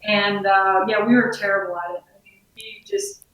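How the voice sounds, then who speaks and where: A former biathlete from Colorado talks casually as an interview guest inside her outdoor gear shop, her speech relaxed, chatty, and heavy with fillers. She has a mid-range voice at a moderate pace, recorded in an echoey room far from the mic.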